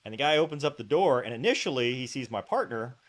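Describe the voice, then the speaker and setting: A man's voice: mid-range voice, quick pace. Man telling a story in casual chat. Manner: animated anecdote-telling, full of fillers and asides. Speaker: podcast host.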